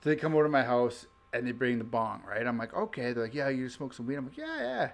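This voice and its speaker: A man hosting a casual podcast, chatting in an ordinary middle-pitched voice. He rambles through stories, full of fillers, restarts and swearing, loose and unpolished. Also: sing-song, quick pace, gravelly. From Canada. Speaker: podcast host. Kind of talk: casual chat.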